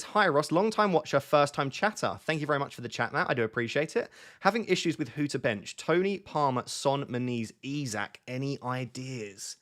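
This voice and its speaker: A man's voice: mid-range voice, a bit bright. A young man hosting a casual live stream, chatting and reading out viewers' questions. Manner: chatty, reads viewer questions aloud, quick asides. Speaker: fantasy football streamer.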